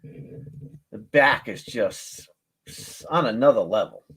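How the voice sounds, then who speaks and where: Hosting a casual live coin auction, this husky, lowish-voiced man jokes and laughs often while praising a coin and calling bids. His folksy calls are slow and drawn out, with animated countdowns.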